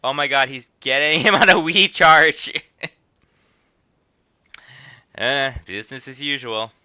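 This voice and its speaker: A man's voice: medium pitch, lively intonation, slow, bright, forceful tone, no room sound. Chatty man streaming a game. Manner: rambling, laughing asides. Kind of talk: casual live game commentary.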